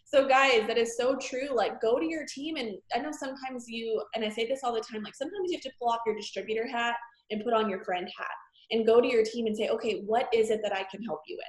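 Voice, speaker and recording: A woman hosts a casual group call in a gushing, upbeat way. Her high voice rings in an echoey room. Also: fast. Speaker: team leader hosting the call.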